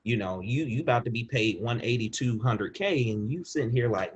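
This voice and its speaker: A man's voice: mid-range voice, animated, fairly quick, slightly rough, muffled recording. A man co-hosting a podcast, giving a casual, rambling movie review with frequent restarts. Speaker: podcast co-host.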